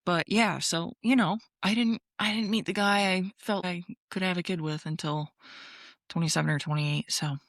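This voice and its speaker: A woman's voice: on the low side, steady tone, normal speed, no echo, clean studio sound. A woman in her thirties co-hosting a podcast, talking casually and swearing often. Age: 30s. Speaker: podcast co-host. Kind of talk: casual chat.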